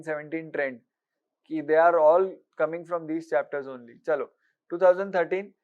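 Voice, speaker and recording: A man giving an exam-prep lecture, briskly quizzing listeners with repeated rhetorical questions and mixing with Hindi. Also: fairly high pitch. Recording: dull lo-fi recording.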